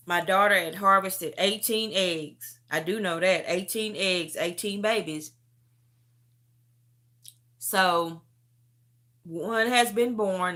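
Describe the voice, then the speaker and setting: A woman in her fifties giving an emotional religious testimony, earnest and halting, repeating herself, tearful at times. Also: fairly low pitch, sharp tone.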